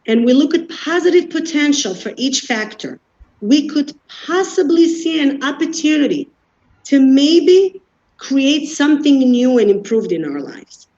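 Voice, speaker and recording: A woman's voice: high voice, very animated, a little slow, warm tone. A woman giving an earnest explanatory talk, walking through everyday examples without judging anyone. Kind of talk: explanatory talk on defense mechanisms. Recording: dull lo-fi recording.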